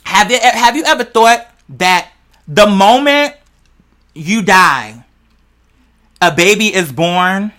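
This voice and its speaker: Bright voice, forceful delivery, podcast host, casual chat, slangy and profane, rambling theories. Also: mid-range voice, slow, long pauses. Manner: animated, rambling, slangy storyteller; profane, speculative, talks straight to listeners.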